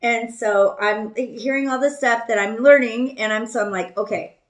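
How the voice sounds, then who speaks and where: A woman's voice: fairly high pitch, normal speed, echoey room. A woman hosting a podcast, telling a casual story in a chatty, self-deprecating way, laughing often and trailing off with ums. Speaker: podcast host.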